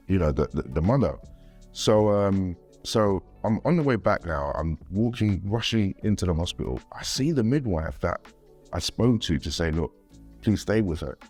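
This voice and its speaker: A man talking casually as an interview guest, rambling and repeating words. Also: deep voice. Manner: rambling, repeats words, animated when quoting others. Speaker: guest father.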